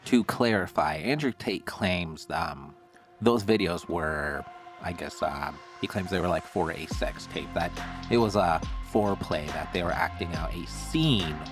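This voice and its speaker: A man hosting a commentary video, measured and hedging with many fillers. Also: low-pitched, soft background music. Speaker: commentary host.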